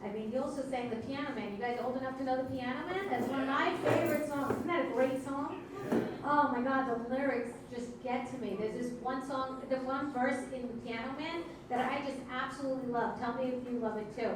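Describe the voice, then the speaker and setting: A woman's voice: high-pitched, a little fast, background noise. A woman, emceeing stand-up comedy in a club with wry, teasing crowd work. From Brooklyn, New York. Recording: echoey club audio from far off.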